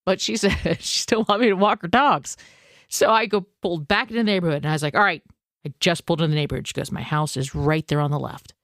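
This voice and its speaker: A woman hosting a podcast, telling a personal story in a casual, animated, self-deprecating way and acting out her own panic. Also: fairly low pitch, fast, no echo, studio quality. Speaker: podcast host.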